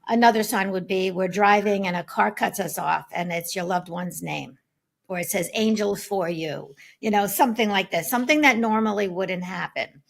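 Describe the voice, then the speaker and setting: Woman with a gravelly voice, lively storyteller on a panel, does little voices. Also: medium pitch, moderate pace. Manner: animated storyteller, acts out voices. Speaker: guest speaker on spirit signs. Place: online summit panel, video call.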